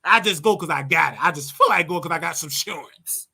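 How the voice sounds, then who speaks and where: Blunt high-voiced man ranting advice. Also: fast talker, gravelly, pushed and bright, slightly rough. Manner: blunt, preachy, repeats his points for emphasis. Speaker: show host. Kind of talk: casual advice rant.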